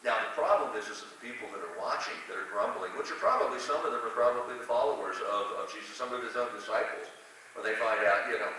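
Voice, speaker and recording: A man's voice: medium pitch, big pitch swings, quick pace, bright, forceful tone. Man preaching in an echoey church. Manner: conversational, self-deprecating with asides and restarts. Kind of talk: sermon. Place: church sanctuary. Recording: echoey church hall from a distant mic with hiss.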